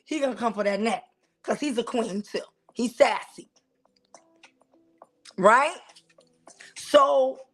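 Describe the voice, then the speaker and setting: High-voiced sassy woman host. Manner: sassy, animated, talks straight to the audience. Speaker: talk show host. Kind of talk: casual preaching-style commentary.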